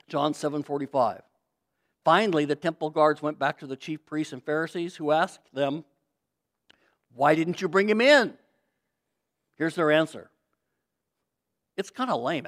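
A middle-aged man preaching a sermon, explaining scripture and swinging from loud emphasis to quiet asides. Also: high-pitched. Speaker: pastor.

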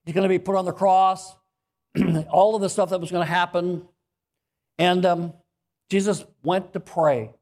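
High-voiced male pastor preaching earnestly. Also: steady tone, unhurried, pauses often, darkish tone. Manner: earnest, repeats phrases, clears throat often. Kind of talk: sermon.

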